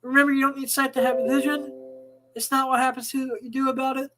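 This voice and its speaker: High-voiced woman chatting loosely. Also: little pitch movement, fast talker, over music, rough recording. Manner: chatty, stumbling restarts, swears casually. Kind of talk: casual live chat show.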